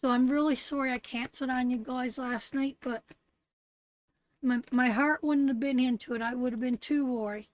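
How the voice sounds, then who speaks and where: A woman's voice: sits high, fairly even intonation, moderate pace, no room sound, low-quality recording. A woman with a Canadian accent reading tarot on a live stream, affectionate and emphatic, calling viewers darling and sweetheart and repeating her phrases. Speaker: tarot reader.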